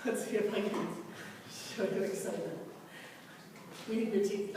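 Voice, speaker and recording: A woman teaching a class and quizzing the students, lively, recorded from far off in a large lecture room. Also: medium pitch, moderate pace, pauses often, noisy background. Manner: lively, asks the class questions. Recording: echoey hall from far off.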